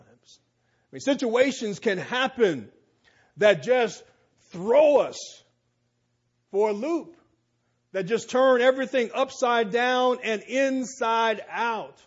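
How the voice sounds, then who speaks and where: A man with a high voice delivers a sermon at an unhurried pace. He reads scripture and drives his points home through slow, emphatic repetition. The recording sounds slightly dull and lo-fi. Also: husky. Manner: slow, emphatic delivery with repeated phrases and rising exclamations. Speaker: preacher.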